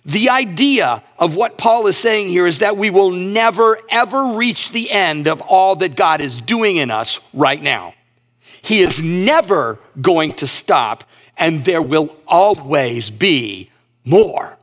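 Man, pastor, sermon, earnest, slightly high pitch, slows down for scripture. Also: big pitch swings, fairly bright tone. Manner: earnest preaching, reads scripture slowly, rises in pitch for emphasis.

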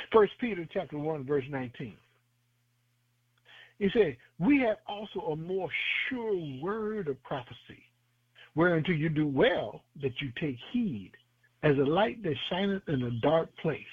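A man delivers a radio sermon in a high, husky voice. His phrasing is fervent and rhythmic, stacking repeated lines and scripture. The sound is thin and phone-like, with no room echo. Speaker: preacher. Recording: tinny phone-line sound.

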